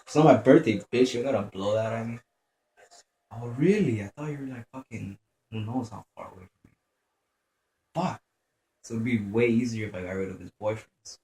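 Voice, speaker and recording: A young man talks through his gameplay, swearing freely and muttering to himself as he plays. His voice is mellow and dark, recorded in an echoey room with a faint hiss behind it. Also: on the low side, moderate pace, long pauses. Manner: profane, jumpy, mutters to himself. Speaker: gameplay commentator. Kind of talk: gameplay commentary.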